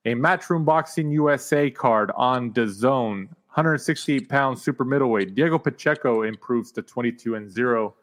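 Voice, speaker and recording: A man's voice: mid-range voice, fairly bright tone. A man hosting a podcast, upbeat and joking, with frequent fillers as he reads fight results. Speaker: podcast host.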